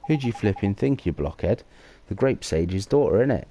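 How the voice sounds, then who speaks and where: A man's voice: fairly low pitch, animated, a little fast, warm tone, faint music behind. A man voicing a brash, chatty male fairy sidekick in a video game, with slangy, teasing talk. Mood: cheeky.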